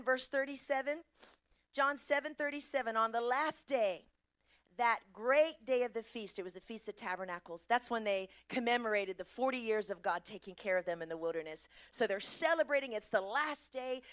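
A middle-aged woman preaching a lively sermon, asking the congregation questions and quoting scripture. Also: high-pitched. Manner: animated, asks the congregation questions.

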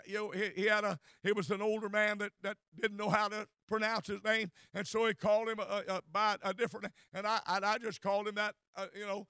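A man's voice: sits high, bright, forceful tone, clear, resonant tone, no echo, studio quality. A man preaching a sermon with fervent delivery, often stumbling over and repeating his words.

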